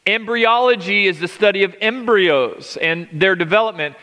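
A man's voice: high-pitched, normal speed, sharp tone. A middle-aged man preaching a sermon, emphatic, stretching key words and restarting phrases. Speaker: pastor. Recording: long reverb of a large hall.

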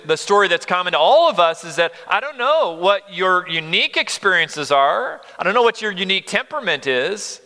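A man in his fifties preaching a sermon, earnest and emphatic, moving between loud stress and near-whispers. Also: sits high. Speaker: pastor. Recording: long reverb of a large hall.

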